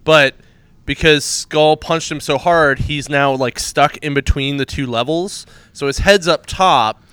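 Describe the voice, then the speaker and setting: Reviewing comics as a podcast co-host, a man speaks at a measured pace in a fairly high, bright, smooth voice with no echo. He wanders through plot summaries in a casual way and laughs at his own jokes.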